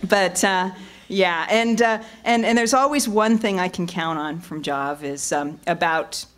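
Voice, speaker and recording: A woman's voice: lowish voice, a little slow. A woman giving a comic roast speech as a radio co-host, laughing as she acts out the dialogue.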